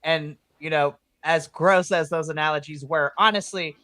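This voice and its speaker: A podcast co-host in casual wrestling chat, excitable, laughing often and swearing freely. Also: medium pitch, normal speed, dry recording.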